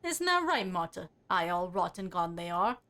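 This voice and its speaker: A woman's voice: lowish voice, big pitch swings, normal speed, pushed and bright, exaggerated voice. A woman voicing a sour old female corpse-robber who mutters to herself in a sing-song, broken way. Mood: muttering.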